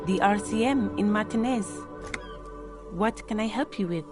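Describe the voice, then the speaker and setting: A woman's voice: medium pitch, moderate pace, over music, lightly acted. An actress playing a wary woman in a video game who speaks in a guarded, questioning way. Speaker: game character.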